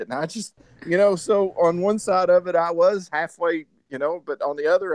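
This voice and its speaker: A man's voice: sits high, normal speed, darkish tone, no room sound. A man, a podcast guest rambling through casual, profane stories between laughs. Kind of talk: casual chat.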